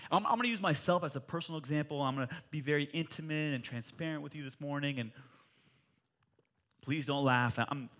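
A man in his forties preaching a sermon in church, animated and jokey, rising to loud emphatic peaks. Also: on the high side, a little fast. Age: 40s. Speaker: pastor.

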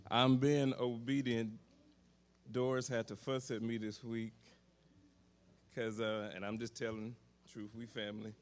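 A man's voice: mid-range voice, flat delivery, a little slow. A man preaching as a guest, talking to the congregation as family in a folksy, self-joking way. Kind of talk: warm church greeting before a sermon.

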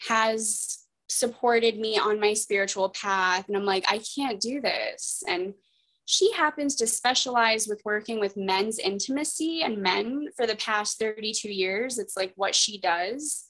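A woman's voice: fairly high pitch, a bit bright, poor audio. A woman candidly telling a personal story as a guest, rambling, with many fillers and restarts.

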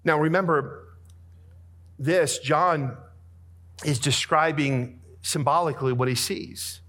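A male preacher delivering a sermon in a fervent, theatrical style. He swings from quiet, intimate passages to booming emphasis. His voice sits somewhat high for a man. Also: slow pace. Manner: dramatic preaching that swings between soft and booming.

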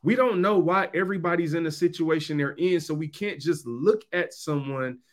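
A man's voice: on the high side, normal speed. A man hosting a podcast, talking straight to listeners in an emphatic, slangy monologue and repeating points for stress. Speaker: podcast host. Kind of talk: conversational monologue.

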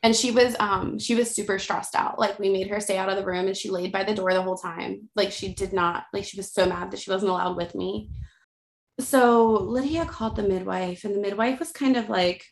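A woman in her thirties casually telling her birth story as a podcast guest, animated and acting out the voices of others. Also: mid-range voice, a little fast, creaky. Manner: animated, acts out quoted voices, frequent likes. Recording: roomy echo.

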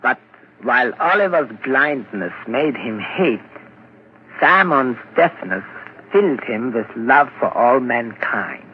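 A deliberate doctor who explains calmly and slowly. His pitch is lively. The old radio sound is muffled, with a faint hiss. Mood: measured. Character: measured male asylum doctor. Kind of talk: 1940s radio acting.

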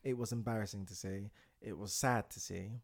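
A man's voice: on the low side, steady tone, fairly quick, gravelly. A man co-hosting a podcast, talking casually and emphatically, repeating lines for effect. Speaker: podcast co-host. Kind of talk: casual chat.

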